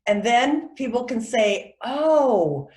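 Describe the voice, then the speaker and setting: Lively woman teaching etiquette, echoey room. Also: medium pitch, unhurried. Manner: animated, acts out quoted voices. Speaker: etiquette instructor. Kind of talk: friendly teaching talk to children and parents.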